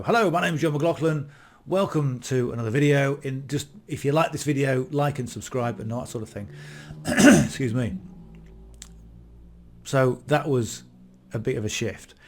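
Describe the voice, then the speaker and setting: A British man in his fifties talks straight to camera in an easy, unscripted way. His voice sits at a middle pitch, and he often circles back and restarts his sentences as he reflects aloud. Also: a little mellow. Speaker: affiliate marketing vlogger. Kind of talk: casual talk to camera.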